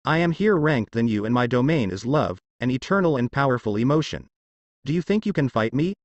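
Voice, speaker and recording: A man's voice: mid-range voice, lively intonation, fairly quick, dry recording, muffled recording, lightly acted. A man voicing a proud, defiant female goddess of love. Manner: haughty, defiant.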